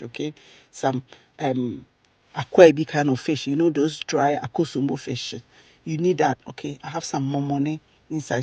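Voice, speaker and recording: A woman's voice: deep voice, a little mellow, slightly rough, no room sound. Chatty Ghanaian woman cooking vlogger. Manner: chatty, ends sentences with "okay?" and "right?".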